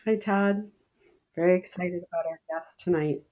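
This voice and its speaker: A woman's voice: lowish voice, fairly even intonation, moderate pace, a little mellow. A woman in her fifties, a podcast co-host, telling a personal story in an earnest way. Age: 50s. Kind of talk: casual interview chat.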